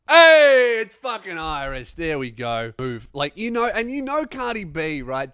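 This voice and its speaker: A young man hosting a comedy podcast, ranting in an animated, profane, self-mocking monologue. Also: fairly high pitch, no echo, studio quality.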